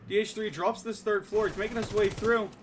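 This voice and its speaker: A man casting a live esports match with rapid play-by-play and bursts of excitement on big plays. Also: high-pitched, slight background noise. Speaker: esports caster.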